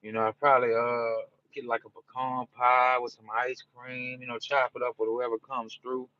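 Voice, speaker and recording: A man's voice: mid-range voice, little pitch movement, normal speed, no echo. New orleans dude chatting on his live stream, easygoing and rambly, muffled lo-fi sound. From New Orleans, Louisiana. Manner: laid-back, rambling, peppered with "you know". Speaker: livestreamer. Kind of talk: casual live-stream chat with viewers.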